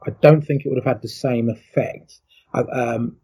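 Reflective middle-aged man with mellow husky voice. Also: mid-range voice, steady tone, normal speed. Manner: reflective, emotional retelling with many fillers. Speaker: interview guest, former athlete. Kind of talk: casual interview storytelling.

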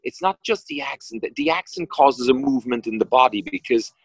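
A man's voice: mid-range voice, wildly swooping pitch, creaky, slightly rough, dry recording, rough recording. A middle-aged man with an Irish accent from County Kerry, an actor chatting in an interview, rambling and restarting his sentences often. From Ireland. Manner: rambling, halting with many restarts and fillers. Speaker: actor guest. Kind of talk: casual interview chat.

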